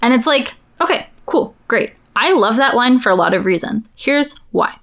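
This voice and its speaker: A woman's voice: on the high side, lively intonation, normal speed, a bit bright. A young woman co-hosting a podcast, speaking enthusiastically and with strong opinions in casual chat. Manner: enthusiastic, opinionated, many "like" fillers. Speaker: podcast co-host.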